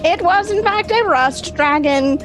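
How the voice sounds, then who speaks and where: A woman playing a brisk old-timey news announcer, reading a game recap in a mock-formal newsreader style with dry asides. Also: very high-pitched, expressive, over music. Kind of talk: comic recap in character.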